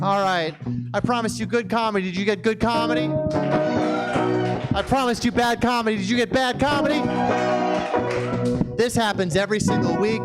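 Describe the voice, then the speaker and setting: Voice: mid-range voice, rough recording. A comedy show host hyping the crowd and closing out a live show with profane banter. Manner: loud, profane, hyped emcee banter. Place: comedy club stage.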